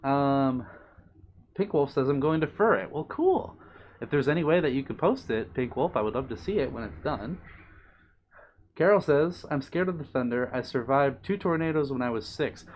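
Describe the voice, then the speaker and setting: A young man on a live stream, reading viewer comments aloud and answering them in a gentle, apologetic way. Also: medium pitch, lively intonation, normal speed, slight background noise. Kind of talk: casual live-stream chat.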